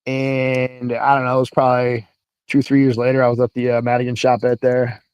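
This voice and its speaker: A man's voice: medium pitch, a little fast, clear, resonant tone, no echo. Man telling profane army stories. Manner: profane, animated storytelling. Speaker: army veteran storyteller. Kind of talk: casual livestream chat.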